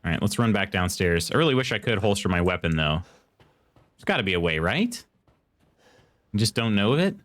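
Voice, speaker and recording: A man's voice: fairly low pitch, very animated, brisk, pauses often, fairly bright tone. A man streaming a horror game live, chatting casually with viewers and reading in-game text aloud. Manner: chatty, reads chat aloud and muses while playing. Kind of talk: casual live gameplay commentary.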